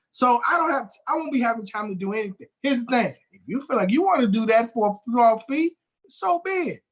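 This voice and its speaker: A man co-hosting a podcast in a casual chat, blunt, teasing and quick to swear. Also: very high voice, fairly bright tone, poor audio. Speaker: podcast co-host.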